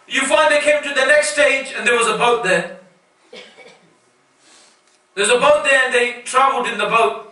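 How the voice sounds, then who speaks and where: A male preacher delivers a sermon with a very high, bright, sharp voice. He speaks emphatically and keeps asking his listeners rhetorical questions. The recording picks him up from a distance in a strongly echoing hall. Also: moderate pace, long pauses. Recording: echoey hall, voice from far off.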